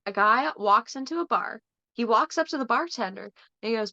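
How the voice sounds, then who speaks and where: A fairly high-voiced woman trades jokes in a casual chat, giggling often and swearing freely. The sound is dull and lo-fi, dry and close. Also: expressive, normal speed, pushed and bright, no echo. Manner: giggly, crude storyteller. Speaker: guest. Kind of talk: casual joke-telling chat.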